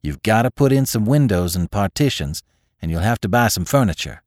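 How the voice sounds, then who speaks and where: Older farm wife, determined, slow firm rural speech, voiced by a man, low-pitched, dry recording. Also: animated, darkish tone, no echo, close to an everyday voice.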